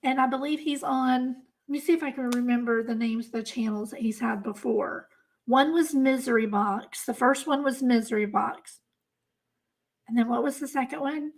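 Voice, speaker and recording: During a livestream for her crime channel, a woman with a fairly high voice chats casually with viewers at a moderate pace. Exasperated and emphatic, she says things more than once to drive them home.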